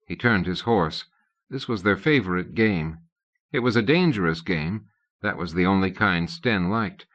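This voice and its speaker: A man gives a scripted audiobook reading, unhurried and consistent, and lifts his pitch for quoted lines from characters. The tape-like audio is dull and lo-fi.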